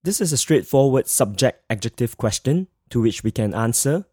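A man teaches a scripted grammar lesson with a mellow, warm tone. His pitch moves a lot as he explains, and he slows down to repeat the example phrases. The sound is dry and close, with no room echo. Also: expressive. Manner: measured, slow model phrases with repeats. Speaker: Mandarin teacher.

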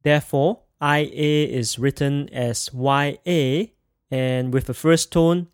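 A man teaching a pronunciation lesson, spelling sounds out and having the listener repeat each word after him with slow, careful enunciation. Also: a little high, clean tone, dry recording, clean studio sound. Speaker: language teacher.

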